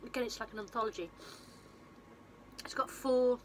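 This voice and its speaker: A woman's voice: fairly high pitch, normal speed, a little hiss or hum, poor audio. A woman chatting on her vlog, rambling through a film plot with lots of fillers and restarts, recorded on a phone. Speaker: vlogger and film reviewer. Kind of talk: casual retelling of a film plot.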